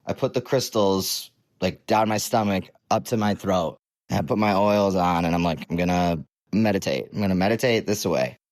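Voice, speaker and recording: A man's voice: lowish voice, no echo. A young man telling his own story in a casual, rambling way, full of fillers and the odd curse. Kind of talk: casual spoken personal story.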